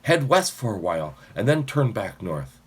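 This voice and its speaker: A man's voice: fairly low pitch, big pitch swings, moderate pace, slightly rough. A man voicing a worried young girl who asks anxious, practical questions.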